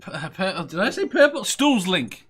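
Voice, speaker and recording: A man's voice: sits high, very animated, moderate pace, a bit bright, breathy edge. A man from Merseyside hosting a casual quiz podcast, chuckling often and rambling loosely. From Merseyside, England. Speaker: quiz show host.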